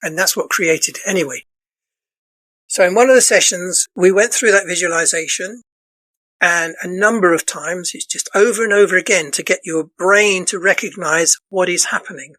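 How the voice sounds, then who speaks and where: A man with a voice going hoarse, a dance counsellor explaining things earnestly as a podcast guest, looping back and restarting his phrases as he talks. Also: high-pitched, moderate pace, pushed and bright, no room sound, poor audio. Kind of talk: casual podcast interview.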